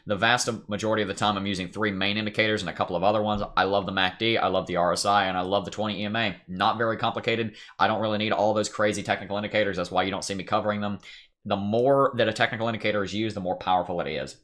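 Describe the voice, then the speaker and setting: Fast-talking low-voiced man with a Tennessee accent. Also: fairly even intonation, a bit bright. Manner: upbeat, chatty, thinks aloud while reading charts. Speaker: crypto livestream host. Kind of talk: casual livestream chat reading viewer comments.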